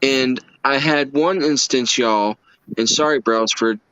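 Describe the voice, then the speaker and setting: A man's voice: medium pitch, slow pace, bright, forceful tone, clean tone, no room sound. A man, a livestream guest telling personal stories in an earnest, emotional, folksy way. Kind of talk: casual storytelling chat. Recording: dull lo-fi stream audio.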